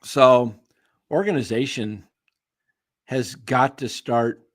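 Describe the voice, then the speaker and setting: Giving casual live-stream sports commentary, a man with a mid-range voice rambles at an easy pace, restarting himself, voicing firm opinions and naming viewers in chat. He's going hoarse and clearing his throat. The close, dry recording has no room sound.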